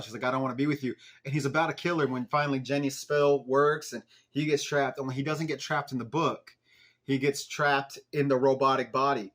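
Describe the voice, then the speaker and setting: A young man hosts a podcast, casually recapping a TV episode in an animated way, laughing and swearing at the plot. His voice has a medium pitch.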